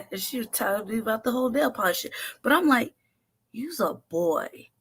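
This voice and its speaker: Brief: woman host, casual profane storyteller, animated, quick to laugh. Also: on the high side, husky. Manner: profane, animated, laughs often, acts out quotes. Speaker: show host.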